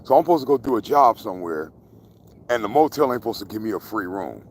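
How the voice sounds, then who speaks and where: A man's voice: lowish voice, expressive, quick pace, slight background noise. A man casually rambling to his viewers outdoors in the country, joking and cursing freely. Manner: profane, joking, talks to viewers. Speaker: vlogger. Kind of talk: casual rambling livestream vlog.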